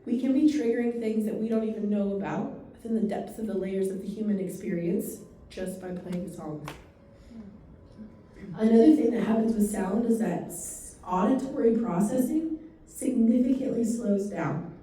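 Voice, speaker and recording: A woman giving a dementia care training talk to a live audience, telling stories and quick asides in a fast, animated way. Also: mid-range voice. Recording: echoey room from far off.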